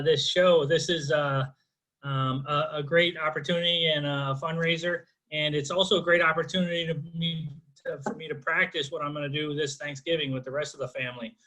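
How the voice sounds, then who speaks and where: Bright-voiced middle-aged comic on a video call. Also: male voice, on the high side, rough recording. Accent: Chicago. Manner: chatty, self-deprecating, many fillers. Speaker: stand-up comedian. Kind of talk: stand-up routine on a video call.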